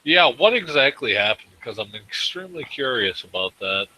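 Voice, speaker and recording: A man's voice: mid-range voice, sing-song, normal speed, pushed and bright, a little hiss or hum, poor audio. A man in casual chat, reacting with sympathy and jokes and asking curious questions.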